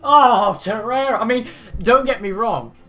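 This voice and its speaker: A man giving live reaction commentary as a football fan, calling the play and bursting into shouts at the players. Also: very high-pitched, a little slow, soft background music. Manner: play-by-play narration mixed with rants.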